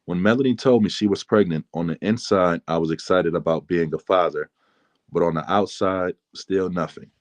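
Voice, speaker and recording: A man, the author, reading aloud from his memoir in a calm, measured way. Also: low voice, no echo, dull audio.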